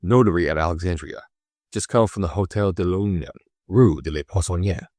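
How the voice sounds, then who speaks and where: A man's voice: deep voice, brisk, darkish tone, no room sound, clean studio sound. A man putting on a shifty old foreign notary. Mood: guarded. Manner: evasive, foreign-accented speech. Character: shifty older male Egyptian notary.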